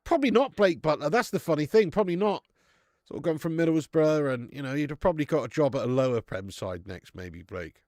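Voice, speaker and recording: A man's voice: on the high side, animated, fairly quick, darkish tone, dry recording, clean studio sound. Matey man with a Dorset accent. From Dorset, England. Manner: chatty and matey, calls viewers "lad" and "mate"; swears freely and laughs often. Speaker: football watch-along host. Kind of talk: casual live commentary and chat reading.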